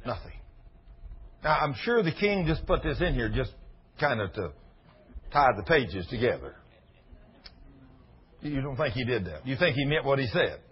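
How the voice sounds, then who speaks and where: A man preaching an informal Bible lesson, folksy, reading scripture slowly and with weight. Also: mid-range voice, big pitch swings, slightly rough. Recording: dull lo-fi sermon recording.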